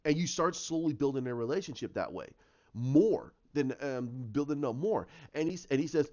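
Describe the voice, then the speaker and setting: A man giving a casual fan rant, rambling and excited, with lots of restarts. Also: medium pitch, moderate pace. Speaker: commentator. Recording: dull lo-fi sound.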